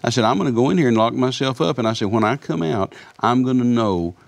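This guest is a former missionary in his seventies with a mid-range voice, lively intonation, and some vocal fry, and he talks fast. On a Christian interview he earnestly recounts his faith journey, repeating himself and acting out the dialogue he quotes.

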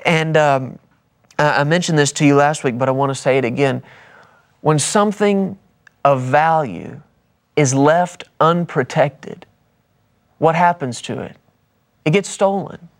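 A man with a slightly higher voice preaches a broadcast sermon. He tells his story in a measured way, then rises to forceful emphatic peaks. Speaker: pastor.

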